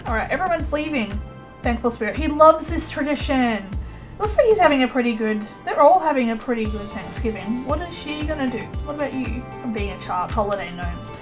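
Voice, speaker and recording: Chatty high-voiced woman gaming. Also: animated, a little fast, faint music behind. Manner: chatty, bossy toward game characters, laughs often. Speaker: let's play gamer. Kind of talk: casual gameplay commentary.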